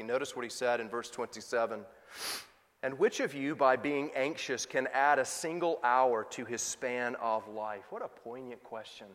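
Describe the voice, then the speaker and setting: A male pastor preaching a sermon, moving from loud emphatic questions to soft, quiet asides. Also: medium pitch, fairly even intonation, unhurried, big-room sound.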